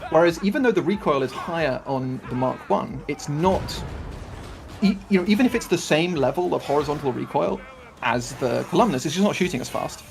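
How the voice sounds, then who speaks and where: A man's voice: fairly high pitch, expressive, fairly quick, gravelly. A man in casual voice-chat banter, rambling as he works through how a game mechanic functions. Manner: rambling, analytical, many restarts. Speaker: streamer explaining game mechanics.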